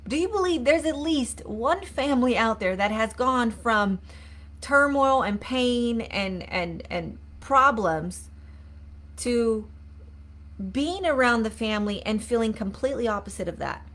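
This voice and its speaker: Earnest woman coach, slightly high voice. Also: animated, measured pace, a bit bright. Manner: earnest, repetitive, asks viewers to comment. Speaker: mindset coach. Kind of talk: live-streamed motivational talk.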